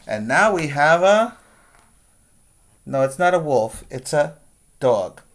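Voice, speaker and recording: Male teacher reading a storybook to little kids, really slow and patient, stops to ask them stuff. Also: a little high, very animated, a bit bright. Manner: slow, patient, pointing out pictures and asking children questions. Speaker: preschool teacher. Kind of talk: reading a picture book aloud to young children.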